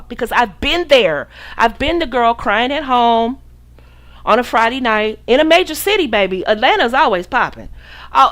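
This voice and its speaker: Woman host from the US, slightly high voice, blunt and sermon-like, repeats phrases for emphasis, livestream to a chat. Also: a bit bright. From United States. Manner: preachy and direct, quotes scripture, repeats phrases. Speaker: podcast host and relationship coach. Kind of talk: livestream talk to a chat audience.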